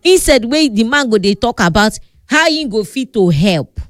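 A woman's voice: a little high, animated, moderate pace, no echo, clean studio sound, soft background music. A woman with a Nigerian Pidgin accent giving blunt relationship advice, scolding and repeating herself for stress. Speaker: advice vlogger. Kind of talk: casual advice talk.

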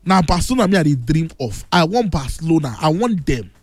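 A man with a Nigerian Pidgin accent hosting a call-in football talk show on the radio, boastful and teasing, now and then bursting into shouts. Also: a little high, sing-song, brisk, no room sound, faint music behind. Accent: Nigerian Pidgin English. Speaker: radio sports show host.

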